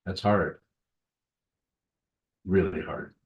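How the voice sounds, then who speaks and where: A man's voice: low-pitched, fairly even intonation, very slow, phone-quality sound, slight background noise. A man teaching as a Zen teacher, giving a dharma talk and answering questions in a plain, repetitive, conversational way.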